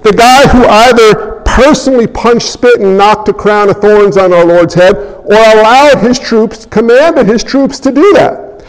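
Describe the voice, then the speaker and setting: A pastor delivers a sermon with a strikingly high voice. He preaches in an animated way, acting out moments and voices for the congregation. His words ring out with a long reverb from the church sanctuary.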